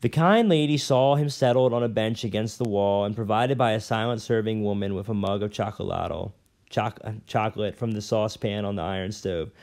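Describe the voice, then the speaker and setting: A man reading a novel aloud at an unhurried pace, now and then stumbling and correcting himself. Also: lowish voice, darkish tone. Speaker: reader.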